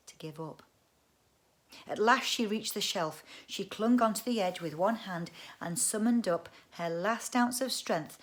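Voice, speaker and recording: A woman reading a children's book aloud, expressive and adding chatty asides. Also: lowish voice. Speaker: audiobook reader. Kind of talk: storybook read-aloud narration.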